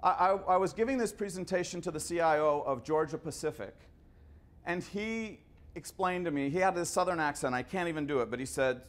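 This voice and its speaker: A man's voice: on the high side, brisk. A man in his fifties giving a conversational lecture full of anecdotes, often stumbling and repeating his words. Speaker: guest lecturer. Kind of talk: storytelling lecture.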